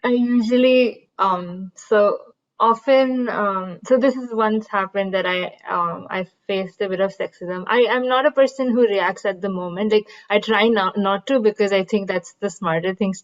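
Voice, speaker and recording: A woman's voice: mid-range voice, moderate pace, dull audio. A woman participant in a workshop sharing a personal experience, hesitant and candid. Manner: hesitant, many fillers, candid. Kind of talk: personal anecdote in a group.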